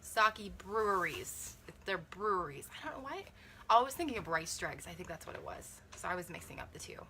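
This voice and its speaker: A woman's voice: lowish voice, very animated, brisk, bright, forceful tone, a little hiss or hum. A young woman, a mother, chatting casually through a beauty kit unboxing, thinking aloud and correcting herself as she reads viewer comments.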